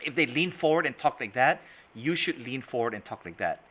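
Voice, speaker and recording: Over tinny, phone-like video call audio, a man runs an online sales training session with a mid-range, expressive, brisk voice that has a breathy edge. He keeps it interactive, addressing participants by name and tossing in "right?" and "okay?", and he moves between soft and strong tones to demonstrate his points.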